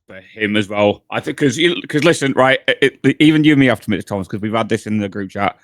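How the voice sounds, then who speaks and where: A young man, co-hosting a podcast, chatting excitably and repeating himself. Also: on the low side, fast talker, dry recording. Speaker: podcast co-host. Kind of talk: casual chat.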